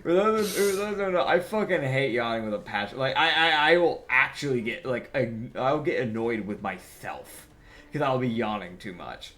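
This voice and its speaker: A man's voice: medium pitch, expressive, moderate pace, fairly bright tone. A man playing in a tabletop game, chatting casually and swearing freely. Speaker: player.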